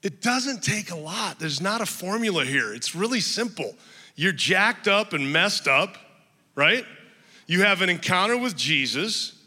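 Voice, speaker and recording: Male pastor, sermon, emphatic personal storytelling, fairly high, piercingly bright, reverberant church hall. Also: big pitch swings, measured pace.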